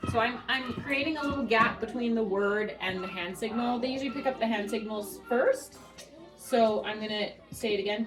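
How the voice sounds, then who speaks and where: A woman dog trainer at home, calmly and patiently talking through a training session and softly praising the dog. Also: on the high side, fairly quick, over music, rough recording. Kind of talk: hands-on training demonstration. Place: home living room.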